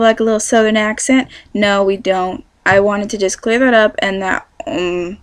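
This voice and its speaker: A woman's voice: medium pitch, fairly even intonation, normal speed, hardly any pauses, smooth, no room sound. A young woman in her teens with a Californian accent, chatting casually to camera from her bedroom and rambling with plenty of self-corrections. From California, USA. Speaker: vlogger.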